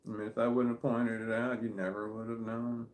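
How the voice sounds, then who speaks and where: A man talks straight to the camera in a loose, meandering monologue at a middle pitch, often trailing off and circling back. His voice echoes around the room he's sitting in at home. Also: flat delivery, fairly quick, slight background noise. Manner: candid, wandering, self-deprecating, often trailing off. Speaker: vlogger. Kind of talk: casual rambling monologue to camera. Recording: roomy echo.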